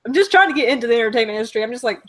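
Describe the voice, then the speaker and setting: Bright-voiced young Southern woman host. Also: fairly high pitch, lively intonation, very fast. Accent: Southern US, Alabama. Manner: chatty, frequent "like" fillers. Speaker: host of a live web show. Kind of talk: casual chat, reading viewer comments.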